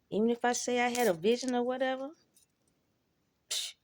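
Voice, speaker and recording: Slow, gravelly-voiced woman talking bluntly. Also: fairly high pitch, a little mellow, slight background noise. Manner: blunt and profane, reflective storytelling. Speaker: vlogger. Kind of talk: casual monologue to camera.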